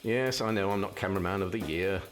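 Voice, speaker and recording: A man's voice: deep voice, fast talker, soft background music. A man narrating a documentary in a scripted way, with dry, wry humour.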